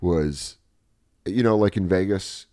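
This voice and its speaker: A man hosting a podcast in casual chat, animated as he tells stories and acts out little bits. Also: low-pitched, takes it slowly, dry recording, studio quality. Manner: animated storytelling, acts out bits with sudden yelps. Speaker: podcast host.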